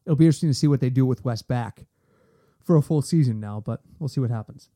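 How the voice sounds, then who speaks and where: A man hosting a sports podcast in casual chat, animated and ranting in quick bursts. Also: medium pitch. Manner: animated, talks fast in bursts and rants.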